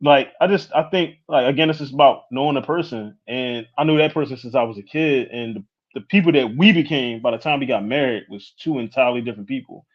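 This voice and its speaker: Man, thirties, mid pitch, candid podcast guest, slightly muffled lo-fi audio. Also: quick pace. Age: 30s. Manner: candid, frequent "you know what I'm saying". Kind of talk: casual podcast chat. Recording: dull lo-fi sound.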